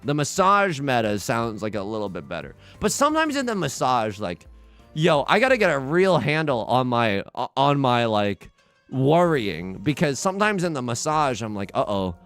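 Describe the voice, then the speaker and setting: A man's voice: medium pitch, normal speed, clean tone, soft background music. A young man hosting a game livestream, rambling casually with lots of fillers and self-deprecating jokes. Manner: jokey and animated, then subdued and tearful. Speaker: livestream host. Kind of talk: casual stream chat while gaming.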